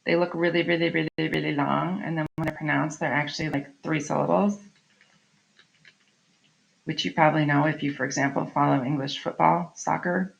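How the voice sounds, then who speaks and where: In a gravelly, low-pitched voice with a steady tone, a middle-aged teacher talks fairly quickly through an online literature lesson. Her manner is chatty, punctuated by frequent "right?" check-ins, on audio that is a bit dull and lo-fi.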